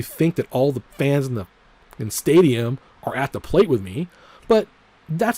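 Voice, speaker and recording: A man's voice: medium pitch, very animated, normal speed, dark tone, husky, no room sound. A man giving casual commentary on his trading vlog, rambling and profane, full of filler words and repeating himself. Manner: repeats his disclaimers over and over. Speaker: trading vlogger.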